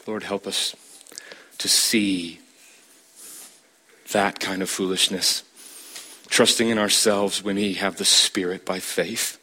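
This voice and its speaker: A man's voice: steady tone, takes it slowly, long pauses, pushed and bright, husky. A man preaching a sermon, stressing his points emphatically and asking the listeners direct questions. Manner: emphatic, rising to a high pitch to stress points.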